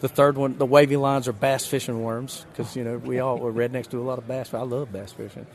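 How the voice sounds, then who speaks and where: A man's voice: mid-range voice, level tone, a little fast, darkish tone. Folksy Southern man rambling. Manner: rambling, self-deprecating, folksy storyteller. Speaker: magician guest. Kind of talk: casual interview chat.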